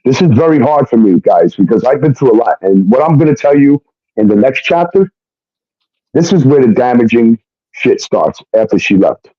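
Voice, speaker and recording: A man's voice: mid-range voice, normal speed, no echo, lo-fi sound. A man telling his own story in casual talk, swearing often and acting out what others said. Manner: profane, animated retelling with quoted dialogue.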